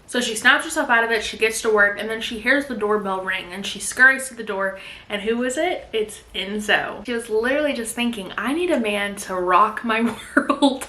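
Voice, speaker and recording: A woman tells a book's story in an animated, chatty way, dropping in plenty of asides. Her voice is bright and fairly high. The sound is echoey, as in a bare room. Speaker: book vlogger. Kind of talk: casual book recap.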